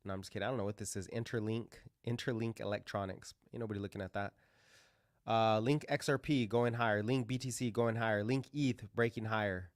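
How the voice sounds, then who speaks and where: A man's voice: on the low side, steady tone, fairly quick, no echo, clean studio sound. A man hosting a crypto livestream, talking casually and rambling through live chart commentary with lots of fillers and restarts.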